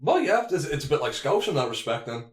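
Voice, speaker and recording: A man's voice: on the high side, sing-song, fast talker, reverberant. A man co-hosting a casual podcast, teasing his friends and laughing often. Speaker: podcast co-host reading questions.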